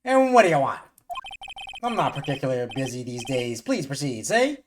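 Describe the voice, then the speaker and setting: A woman voicing a pompous older male lawyer who tacks "see?" onto his sentences, in a loud, high, swinging voice. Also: sing-song, moderate pace, background noise. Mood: blustery. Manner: ends sentences with a gangster-like "see?". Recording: game music underneath.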